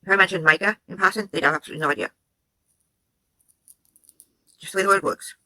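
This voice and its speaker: Brief: female commentary host from Wales, sarcastic and direct, bright tone, dry close sound. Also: medium pitch, steady tone, fast, dry recording, low-quality recording. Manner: sarcastic, talks straight at the person in the clip.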